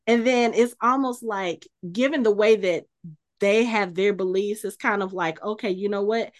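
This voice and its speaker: A woman's voice: medium pitch, a little slow, dry recording, studio quality. A woman co-hosting a podcast, casually recapping a TV episode and acting out the characters' lines as she retells scenes. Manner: animated retelling, acts out quoted dialogue. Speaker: podcast co-host.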